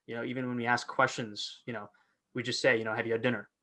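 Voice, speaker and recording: This man, a visiting actor, breaks down his process during a loose teaching chat on a video call. Quick-paced and medium-pitched, he sounds animated and keeps restarting and filling gaps.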